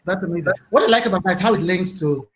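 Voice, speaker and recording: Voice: medium pitch, racing, rough recording. An interview host on a video call, who affirms the guests and explains points with examples. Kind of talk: interview hosting.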